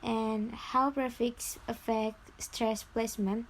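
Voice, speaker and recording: Young woman student, somewhat high, slow reading of class notes in short phrases. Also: level tone, slight background noise, rough recording. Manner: reads notes aloud in short, broken phrases. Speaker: student presenter. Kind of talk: classroom presentation.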